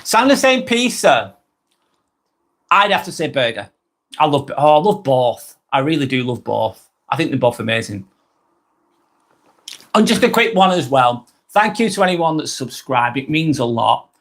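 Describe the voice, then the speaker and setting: A man in his forties hosting a live stream, chatting casually and reading out viewer comments, friendly, rambling and quick to apologise. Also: mid-range voice, sing-song, fairly bright tone. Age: 40s. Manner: chatty and friendly, ranting a little, apologising often.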